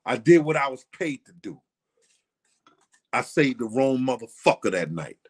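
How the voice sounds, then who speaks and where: A man's voice: mid-range voice, sing-song, normal speed, breathy edge. A middle-aged man, speaking in a blunt, profane casual monologue and hammering his points home through repetition. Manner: blunt, profane, repeats himself with emphasis. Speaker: host.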